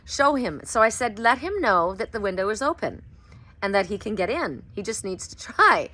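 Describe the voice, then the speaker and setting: A middle-aged woman reading oracle cards who talks outdoors in a casual vlog and keeps breaking into high, excited exclamations as she retells her sessions. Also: normal speed. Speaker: oracle card reader.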